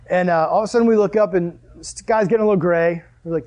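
A man's voice: fairly high pitch, very fast, hardly any pauses. A young man preaching a sermon in a casual, jokey way, telling a family story and acting out the people in it. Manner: animated, jokey, acts out the characters in his stories.

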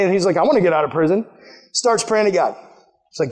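A man giving a casual youth sermon, telling a story with animated, slangy delivery and acting out the people in it. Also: moderate pace. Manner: animated storytelling, acting out characters with sudden high-pitched quotes; casual, slangy, addresses the audience directly. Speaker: youth pastor.

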